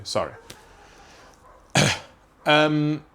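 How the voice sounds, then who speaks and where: A young Portuguese podcast host, whose first language is Portuguese, rambles through a casual monologue packed with questions and frequent swearing. His pitch is fairly high and his pace measured.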